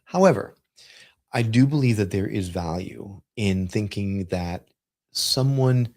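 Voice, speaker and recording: A man's voice: lowish voice, lively intonation, unhurried, darkish tone. A man co-hosting a live question-and-answer show, joking around and reading viewer questions aloud. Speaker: co-host. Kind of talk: casual live Q&A chat.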